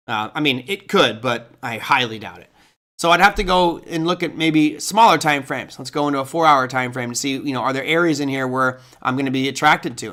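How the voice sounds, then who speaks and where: A man's voice: medium pitch, bright, forceful tone. A middle-aged man hosting a live market analysis stream, chatty and casual as he walks through charts and answers viewer questions. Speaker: trading stream host.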